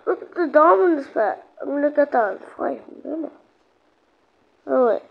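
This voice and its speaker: A woman channel host talks casually and meanderingly while gaming, repeating things and breaking out in sudden exclamations. She has a high voice with lively intonation and vocal fry, speaking at a moderate pace. The sound is dull and lo-fi, with a little noise.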